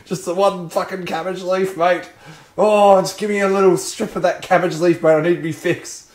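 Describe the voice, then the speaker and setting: A man's voice: sits high, fairly even intonation, moderate pace. A young Australian man co-hosting a casual music review, cracking crude rambling jokes and laughing a lot. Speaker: podcast co-host. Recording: echoey room, faint noise.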